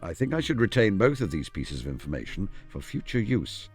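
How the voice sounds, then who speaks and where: An actor playing a retired elderly male detective in a video game, speaking in a measured, formal, deductive way. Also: low voice, very animated, darkish tone. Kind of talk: game voice acting. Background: game music.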